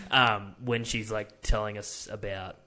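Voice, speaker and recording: Low-voiced man chatting casually. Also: steady tone, takes it slowly. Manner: rambling, swears, trails off quietly. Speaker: podcast co-host. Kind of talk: casual chat.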